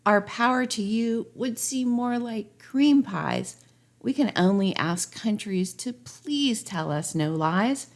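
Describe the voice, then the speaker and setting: A woman's voice: fairly high pitch, slow, pitched above the performer's own voice. A woman voicing a tiny, polite director speaking from inside a red sphere in a rhyming storybook parody.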